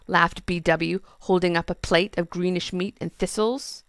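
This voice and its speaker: A woman reading a children's book aloud with lively, expressive storytelling. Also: on the low side, measured pace.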